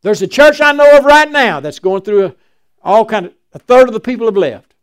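An older man preaching a sermon, swinging from loud emphatic declarations to quiet, folksy storytelling. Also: sits high, lively intonation, a little fast, clean tone.

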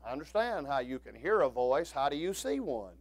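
A man preaching a sermon, swinging from quiet talk up to shouted preaching. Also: on the high side, sing-song, brisk.

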